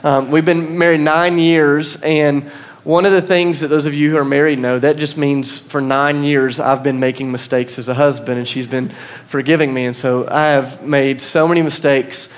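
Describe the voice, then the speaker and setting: A man in his thirties with an American accent preaches as a pastor, telling a story with self-deprecating humor. His pitch is fairly high, his tone steady, and he speaks at a normal speed.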